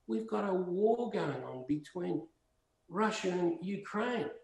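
A man's voice: high-pitched, animated, slow pace, vocal fry, a little mellow. A man as a podcast guest, telling rambling, impassioned stories in conversation. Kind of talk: storytelling conversation. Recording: roomy echo.

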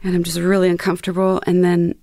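A woman's voice: lowish voice, monotone, quick pace, warm tone, no echo. A woman musician telling stories in a casual interview, rambling with lots of fillers. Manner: rambling, full of "you know" fillers. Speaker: musician guest.

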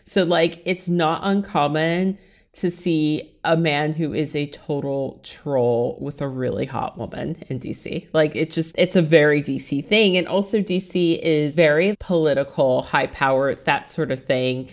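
A woman from the Washington, D.C. area speaks as a guest in an interview, in a slightly low voice. She talks openly and casually about her own life and fills her sentences with "like.". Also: fairly even intonation, measured pace. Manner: frank, chatty, heavy use of "like". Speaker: interview guest, writer and stylist. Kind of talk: candid personal interview conversation.

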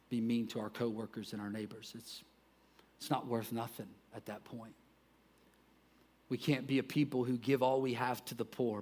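A man preaching a sermon as pastor, talking conversationally, breaking into loud emphatic bursts, dropping into quiet asides and joking about himself. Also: mid-range voice. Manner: self-deprecating joking.

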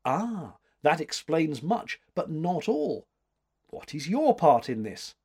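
A man reading aloud, voicing an old, stately woman painter with a crisp, dryly teasing manner. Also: on the high side, very animated, slow pace, a little mellow, pitched above the performer's own voice, full character voice. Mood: wry.

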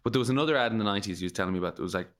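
A man's voice: fairly low pitch, very fast, a bit bright. A man co-hosting a comedy podcast, telling a story animatedly and acting out the scenes in casual banter. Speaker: podcast co-host.

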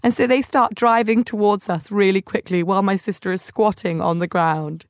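A woman podcast host with a medium-pitched voice tells funny stories at normal speed in a chatty, casual monologue. She animates her anecdotes by acting out the quotes, and the studio-quality audio has no room sound.

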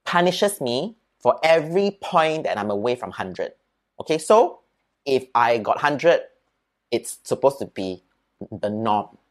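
A man with a Singaporean accent, telling stories from his childhood as a guest. He talks casually, ends his points with "right?" and mixes in Mandarin words and local particles. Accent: Singaporean English. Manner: chatty, tags sentences with "right?" and "okay?"; lively, swings pitch up and down while telling a story. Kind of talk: casual storytelling.

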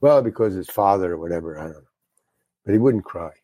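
An older man, a guest actor, telling an animated story and swearing freely as he acts out the other people in it. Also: deep voice, fast talker, no echo. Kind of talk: anecdotal storytelling.

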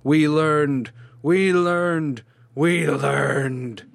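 A man voicing a menacing chorus of ghostly voices that chant and deepen toward growls. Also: very slow, vocal fry, a little hiss or hum, heavily acted.

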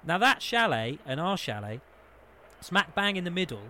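A man, co-hosting a podcast and telling an anecdote with lively, excitable energy. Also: sits high, moderate pace, a little hiss or hum. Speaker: podcast co-host. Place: podcast studio.

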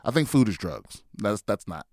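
A man's voice: lowish voice, big pitch swings, normal speed, darkish tone, dry recording, clean studio sound. A man hosting a comedy podcast, chatting casually and answering listener questions in a blunt, profane way, stumbling over his words and restarting often.

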